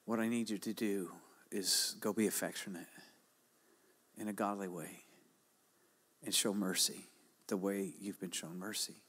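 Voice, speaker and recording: An older man preaching a sermon, urging his congregation with repeated exhortations that build to loud, emphatic calls. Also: on the low side, steady tone, measured pace, long pauses, husky, big-room sound. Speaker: pastor.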